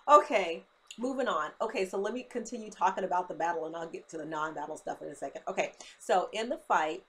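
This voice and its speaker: Chatty woman gossiping through a recap. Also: on the low side. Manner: gossipy and expressive, with many fillers like "you know" and "okay?". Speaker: TV episode recapper.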